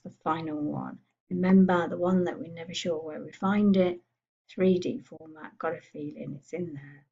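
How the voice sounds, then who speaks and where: A woman giving a chatty software tutorial, thinking aloud as she clicks through menus. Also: low-pitched, steady tone, normal speed, vocal fry, slightly rough, dull audio. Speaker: computer skills tutor. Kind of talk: screen-recorded software tutorial.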